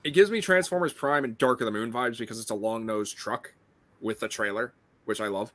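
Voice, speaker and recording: A man's voice: mid-range voice, a little fast, fairly bright tone. A man co-hosting a casual fan podcast, talking with enthusiasm and laughing often. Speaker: podcast host. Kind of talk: casual chat.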